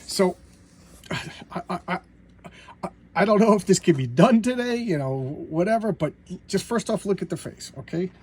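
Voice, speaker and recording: A man casually retelling comic book stories in an animated way, slipping into voices for the characters. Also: sits high, normal speed, long pauses, slightly rough.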